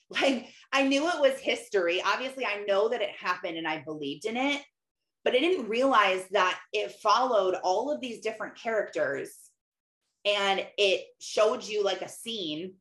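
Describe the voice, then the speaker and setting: A young woman speaks in a casual, rambling vlog style, full of "like"s. Her voice sits at a middle pitch, and the room around her rings with echo. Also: a bit bright. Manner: chatty, lots of "like", laughs often. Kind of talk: casual faith vlog monologue.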